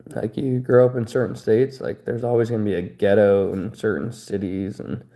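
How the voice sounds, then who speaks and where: A man's voice: on the low side, level tone, normal speed, warm tone. A man in his thirties chatting casually on a livestream, rambling and joking crudely. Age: 30s. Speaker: streamer.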